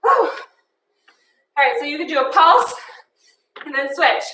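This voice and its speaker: A woman's voice: high voice, sing-song, slow pace, sharp tone, slight background noise. A woman, coaching a live workout class, upbeat and chatty, counting down reps while out of breath. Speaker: fitness instructor. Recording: echoey room from a distance.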